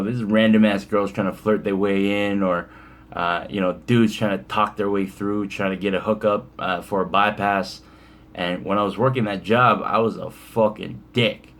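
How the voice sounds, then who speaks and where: A young man casually telling a rambling, profane story, full of fillers, for his vlog. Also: fairly low pitch. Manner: laid-back, profane, rambling with many fillers. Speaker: vlogger.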